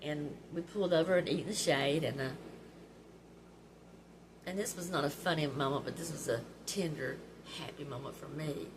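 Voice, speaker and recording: A middle-aged woman tells stories to her viewers with a lower, homey voice. She talks in a chatty, heartfelt way and sometimes laughs through tears. A steady background noise runs under her voice. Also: normal speed. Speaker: vlog host. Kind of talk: personal storytelling.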